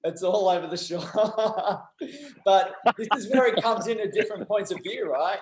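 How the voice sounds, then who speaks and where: Joking host in an echoey room. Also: male voice, high voice, expressive, normal speed. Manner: laughs easily, joking. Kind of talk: casual chat.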